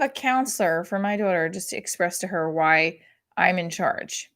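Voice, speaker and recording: A woman in her forties doing casual stand-up as a comic, rambling and cutting herself off, with loud bursts when she acts out her family. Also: lowish voice, expressive, moderate pace. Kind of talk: casual stand-up trying new material.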